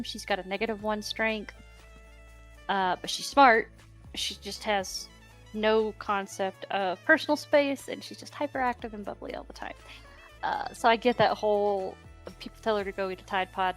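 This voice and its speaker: A woman streamer chatting casually about her tabletop character, acting out little quotes and laughing. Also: mid-range voice.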